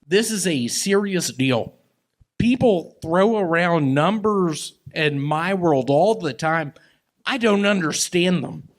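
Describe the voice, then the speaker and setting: A man's voice: sits high, lively intonation. A man doing rambling, absurd stand-up and banter on a comedy club stage with a handheld mic. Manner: drawling, rambling and absurd, slow and halting. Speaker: stand-up comic guest.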